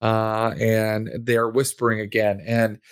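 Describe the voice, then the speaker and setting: A game master narrating a tabletop game scene in a relaxed, hesitant way, full of fillers. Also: medium pitch, slow pace, smooth, no echo.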